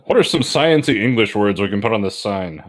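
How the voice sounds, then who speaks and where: A man with a fairly low voice co-hosts a comedy podcast, tossing off jokes and quick asides while watching an old movie. He laughs often and keeps the banter casual. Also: expressive. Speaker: podcast co-host. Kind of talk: casual movie riffing commentary.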